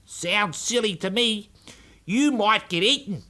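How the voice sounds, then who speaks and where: A man's voice: sits high, lively intonation, takes it slowly, sharp tone, voice pushed up, exaggerated voice. A man doing a gloomy, doleful snail. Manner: doleful and matter-of-fact. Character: gloomy, slow old male snail. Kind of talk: children's storybook narration.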